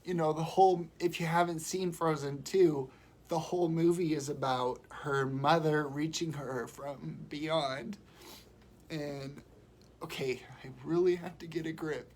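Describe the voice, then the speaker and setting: Indoors at home, a woman on a casual live video speaks in a deep, steady, darkish voice, unhurried, through a phone or webcam with a little hiss or hum. Congested from a cold, she struggles to hold back tears as she talks.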